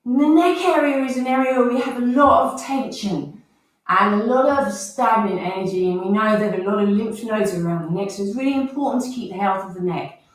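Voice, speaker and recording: A woman leading a morning stretching and breathing class, coaching calmly with audible sighs and breaths. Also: mid-range voice, brisk. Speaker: movement and breath instructor. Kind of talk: guided exercise instruction. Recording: roomy sound from far off the mic.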